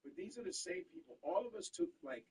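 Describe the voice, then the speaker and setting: A man on a casual podcast chat, animated and profane as he rants. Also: high-pitched, fairly quick, breathy edge, rough recording.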